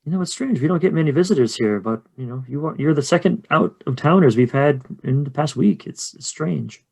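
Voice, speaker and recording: A man's voice: a little high, expressive, a little fast, creaky, a little mellow, breathy edge, pitched above the performer's own voice, full character voice. A prim, nosy small-town innkeeper woman who chats and confides gossip in a lifted voice, as a man puts her on. She is a busybody in a tabletop game. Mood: gossipy.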